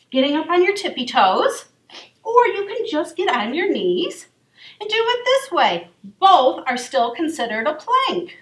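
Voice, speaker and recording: A woman leading a children's yoga class in a library room, gentle and encouraging. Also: sits high. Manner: encouraging, gentle and sing-song. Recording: echoey room, voice from far off.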